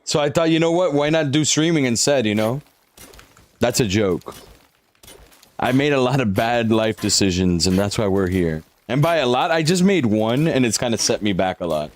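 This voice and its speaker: A man's voice: medium pitch, expressive, normal speed. A young man on a live stream, chatting casually with viewers and walking them through a game, swearing now and then as he hypes them up.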